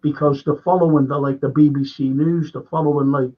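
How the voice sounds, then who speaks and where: A male guest in a casual livestream chat, ranting fast and repeating himself. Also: fairly high pitch, fairly even intonation, phone-quality sound.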